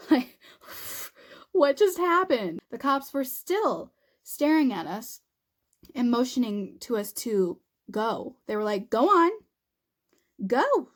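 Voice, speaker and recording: A young woman vlogger chatting through a funny story while doing her makeup, acting out what people said and laughing often. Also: on the high side. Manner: animated, laughing, acts out quotes. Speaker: beauty vlogger.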